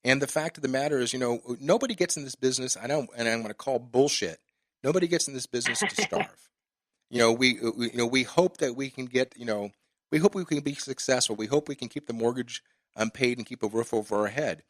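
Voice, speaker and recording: A man's voice: mid-range voice, fast talker, a bit bright, no room sound. A man hosting a podcast, ranting with passion and swearing in a casual interview chat. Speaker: podcast host.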